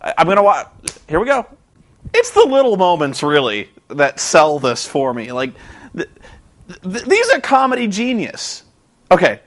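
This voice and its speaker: A man's voice: high voice, huge pitch swings, normal speed, long pauses. A young man vlogging about a wrestling show, exasperated and sarcastic, rambling with restarts. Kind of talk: casual ranting commentary.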